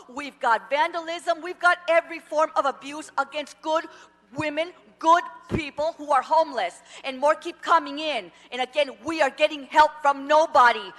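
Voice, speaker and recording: A woman giving public comment at a council meeting, angry and shouting, full of profanity. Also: high-pitched. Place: council chambers. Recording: long hall reverb in a council chamber.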